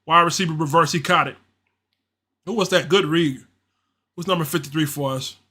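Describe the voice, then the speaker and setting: A man's voice: on the high side, normal speed, bright, forceful tone. A man hosting a fan livestream, giving casual play-by-play and frustrated, slangy reaction that repeats itself. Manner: frustrated, repetitive, slangy, ranting. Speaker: livestream host doing play-by-play.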